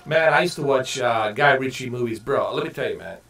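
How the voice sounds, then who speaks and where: A man's voice: mid-range voice, expressive, fairly quick, vocal fry, fairly bright tone. A man chatting casually while streaming a game, rambling and swearing freely. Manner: rambling, profane, many fillers and restarts. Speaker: gaming streamer.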